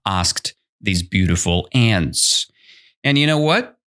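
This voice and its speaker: A podcast host whose first language is Russian walks learners through a children's story in a chatty, animated way. His pitch rises and falls a lot as he explains. He speaks slowly and often corrects himself mid-sentence. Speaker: English teacher, podcast host. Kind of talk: storybook lesson explaining vocabulary.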